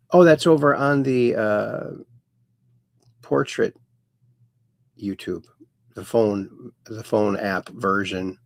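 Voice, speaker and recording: A man hosting a casual livestream, slowly reading chat messages aloud with sudden bright upswings. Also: mid-range voice, animated, dry recording, clean studio sound. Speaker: host.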